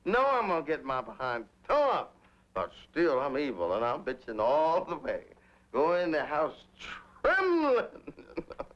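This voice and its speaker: A man's voice: on the high side, measured pace. Guy spinning tales and cracking himself up, voice jumps all over, dull old film audio. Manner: laughs often, animated, playful. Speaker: interviewee. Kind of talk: candid storytelling. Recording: dull lo-fi 1960s film sound.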